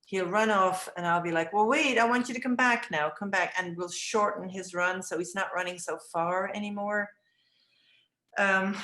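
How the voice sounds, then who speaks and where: An older woman, an early childhood educator, recounting classroom stories and acting out the dialogue in lively high voices. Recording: echoey room.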